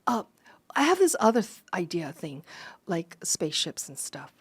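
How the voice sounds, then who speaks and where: A man's voice: high-pitched, wildly swooping pitch, normal speed, breathy edge, voice pushed down, heavily acted. A woman doing a whispery mumbling inventor guy. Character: hesitant mumbling male inventor.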